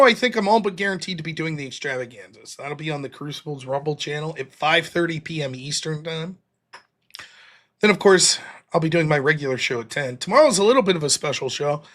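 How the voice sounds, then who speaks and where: This livestream host's voice is high-pitched with a sharp tone. He reads out viewer donations and launches into a blunt, heated, profanity-laden rant, casual in style.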